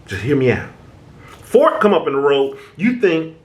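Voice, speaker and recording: A man's voice: a little high, very animated, measured pace. A man hosting a casual motivational talk, speaking to his viewers and acting out their inner thoughts, with frequent repeated words. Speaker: self-help video host. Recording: echoey room.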